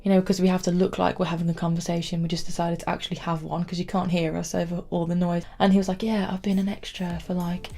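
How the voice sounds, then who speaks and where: A woman's voice: fairly low pitch, flat delivery, quick pace, creaky, hardly any pauses, dark tone. A young woman chatting to camera in a rambling storytelling way, saying "like" often. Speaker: vlogger.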